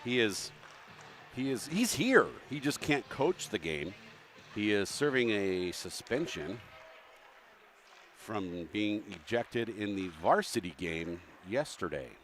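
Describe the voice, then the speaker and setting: Man, hockey announcer, deeper voice, rambling, self-deprecating jokes, live rink booth. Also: sing-song, takes it slowly, fairly bright tone, a little hiss or hum. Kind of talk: live local sports broadcast. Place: mobile broadcast booth at an ice rink.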